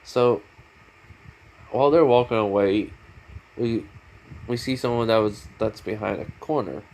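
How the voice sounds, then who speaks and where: A man's voice: fairly low pitch, a little slow, darkish tone, rough recording. A man casually narrating a fan story, rambling and filling with "basically" and restarts. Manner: rambling, full of fillers and restarts. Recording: air conditioner hum behind. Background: air conditioning.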